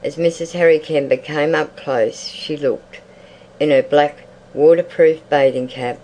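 Measured audiobook narrator. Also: medium pitch, fairly even intonation, a little mellow, poor audio. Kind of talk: audiobook narration of a short story.

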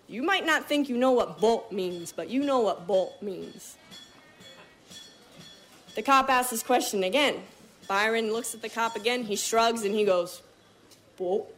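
Animated woman telling a story on stage. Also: on the high side. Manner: animated, vivid, acts out other people's lines. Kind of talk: live storytelling performance.

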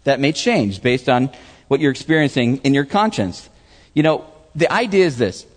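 A man preaches with a lively voice that rises and falls a great deal, asking the listeners questions and voicing the people in his stories. His voice carries a long reverb from the hall he speaks in. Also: mid-range voice, moderate pace. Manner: animated preaching with questions to the audience, acts out voices. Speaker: pastor. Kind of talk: sermon.

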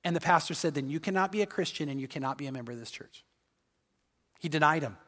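A man's voice: a little high, fast talker, a bit bright, in a large hall. A male pastor delivering a sermon, earnest and storytelling, acting out the voices in his stories. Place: church sanctuary.

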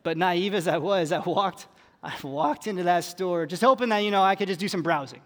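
A pastor preaching in a relaxed, storytelling way, poking fun at himself as he goes. His voice is high for a man. The sound trails off into the long reverb of a big hall. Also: brisk. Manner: conversational, self-deprecating humor. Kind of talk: sermon storytelling.

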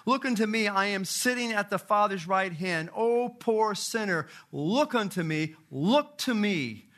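A man acting out an old country lay preacher who shouts and repeats his plea in rustic grammar. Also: high voice, expressive, measured pace, voice pushed up. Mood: exhorting.

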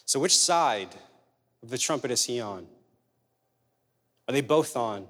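A man's voice: mid-range voice, expressive, measured pace, a bit bright. A man preaching a sermon in a conversational way, asking rhetorical questions and telling humorous stories. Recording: long hall reverb.

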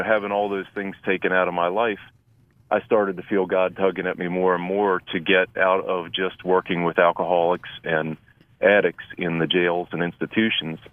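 A man in his fifties with a deep voice, telling his story as a guest in a radio interview. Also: dry recording. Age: 50s. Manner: plain, earnest testimony. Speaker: guest volunteer. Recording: tinny phone line.

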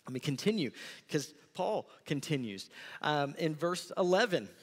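Animated preacher in a reverberant hall. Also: male voice, a little high, normal speed. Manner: animated, conversational preaching with acted-out asides. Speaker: pastor. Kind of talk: sermon.

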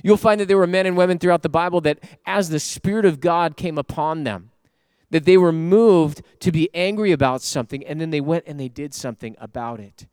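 Emphatic preacher man, fairly high voice. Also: brisk, clear, resonant tone, no room sound, clean studio sound. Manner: emphatic preaching, swinging from loud to soft; addresses listeners at home. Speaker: pastor. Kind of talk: sermon.

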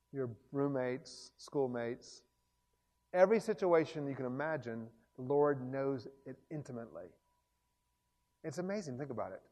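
A man preaching a sermon in a chapel, building to loud, fervent exclamations. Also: mid-range voice, in a large hall. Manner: impassioned, rising to loud exclamations.

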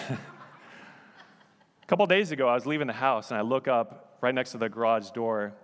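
A man's voice: medium pitch, normal speed, smooth, big-room sound. A male pastor preaching a sermon in a church, conversational with joking asides. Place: church sanctuary.

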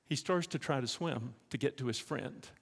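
A man's voice: mid-range voice, moderate pace, vocal fry, slightly rough. A man preaching a sermon as pastor, telling stories and making direct appeals to the congregation. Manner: animated storytelling, direct appeals. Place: church. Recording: echoey church hall.

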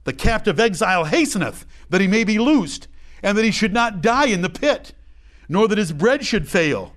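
A man's voice: high-pitched, big pitch swings, normal speed, a bit bright. A man leading a verse-by-verse Bible study, reading old scripture aloud and then explaining it in plain everyday talk, acting out small examples as he goes. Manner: acts out little voices and examples. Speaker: Bible teacher.

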